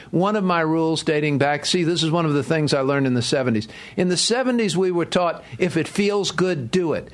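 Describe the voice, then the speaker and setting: A man hosting a financial talk show in a studio, chatty and rambling with self-deprecating asides. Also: fairly high pitch. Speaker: podcast host, financial adviser. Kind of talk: casual radio-style talk.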